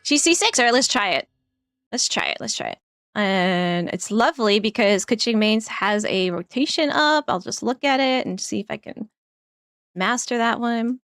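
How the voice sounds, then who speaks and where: A woman's voice: a little high, lively intonation, moderate pace, a bit bright, dry recording, studio quality. A woman casually commenting while playing a game on stream, chatty and laughing often, trailing off as she thinks.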